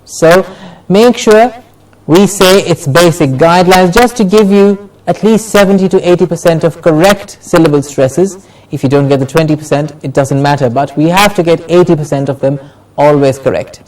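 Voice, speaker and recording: A man teaching English word stress, slowly repeating each example word for the class to say along. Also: a little high, darkish tone, far from the mic, low-quality recording. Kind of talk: classroom lesson with drills.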